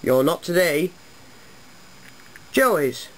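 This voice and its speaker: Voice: medium pitch, very animated, slow pace, rough recording. A narrator voicing a stern male railway manager who speaks severely to his engines. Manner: severe, authoritative.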